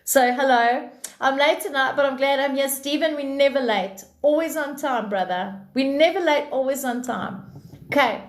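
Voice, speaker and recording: A woman, hosting a live stream with casual spiritual chat, animated and blunt and swearing freely. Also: sits high, normal speed. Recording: echoey room.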